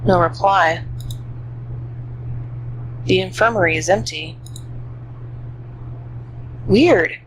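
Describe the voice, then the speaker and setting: Game streamer, reading dialogue aloud, animated, middle pitch, faint noise. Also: very slow, pauses often, poor audio. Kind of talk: reading a visual novel aloud.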